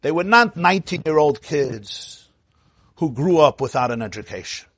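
A male rabbi spins a story in a sermon, his voice husky. He acts out each quote, dropping to murmurs and then rising to sudden exclamations. The recording is close and dry. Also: a little high, expressive, normal speed, fairly bright tone, dry recording.

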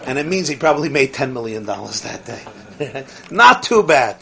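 A man teaching a Torah lecture as a rabbi. He mixes Yiddish and Hebrew terms into his English and swings from soft asides to rising exclamations. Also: medium pitch, normal speed, vocal fry, slight background noise.

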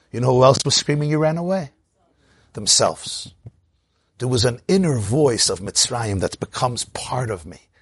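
Animated, husky male Torah teacher. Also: no echo, studio quality. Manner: animated, swings between loud emphatic bursts and quiet low asides. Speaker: rabbi teaching a class. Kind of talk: Torah lecture.

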